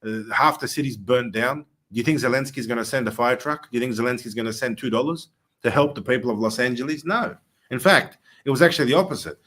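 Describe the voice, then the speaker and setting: A man hosting a political talk show, speaking earnestly with frequent filler pauses. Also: medium pitch, fairly bright tone. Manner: earnest, many filler uhs, rising emphasis. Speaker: host.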